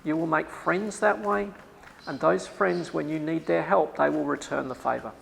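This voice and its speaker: A man's voice: a little high, steady tone, moderate pace, gravelly, fairly bright tone, in a large hall, slight background noise, rough recording. A man with an Australian accent giving a workshop lecture to staff, emphatic and repeating his key advice.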